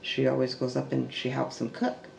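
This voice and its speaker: A man with a gravelly, creaky voice recounts a family story in a halting, searching way. He restarts sentences often and sometimes sinks into a hush. He is recorded in an echoey room with a faint noise underneath. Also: medium pitch, completely flat delivery. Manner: halting, with restarts and trailing fillers. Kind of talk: oral history storytelling.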